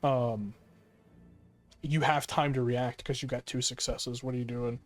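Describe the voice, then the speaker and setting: Male game master, slow descriptive narration, filler-heavy. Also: medium pitch, fairly even intonation, soft background music.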